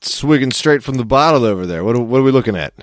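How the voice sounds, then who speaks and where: A man's voice: medium pitch, lively intonation, fast talker, slight background noise. A man co-hosting a comedy podcast, talking in loose, rambling banter and swearing freely. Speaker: podcast co-host.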